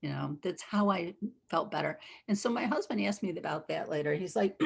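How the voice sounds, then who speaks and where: A woman in her forties talks through her own stories as she teaches, her voice gravelly with a husky edge. She is chatty and animated, often repeating a word as she goes. It is a casual, unscripted delivery. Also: on the low side, moderate pace. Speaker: emotional wellness teacher. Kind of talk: casual personal storytelling and teaching.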